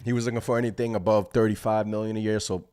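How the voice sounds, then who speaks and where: A man hosting a basketball fan channel, reacting live in an excited, rambling way as he thinks aloud. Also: lowish voice, rapid-fire, smooth.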